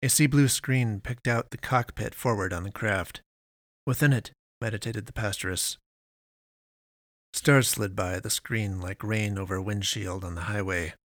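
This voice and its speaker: A man narrating a science fiction story in a measured, deliberate way with long pauses. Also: fairly low pitch, no echo, clean studio sound.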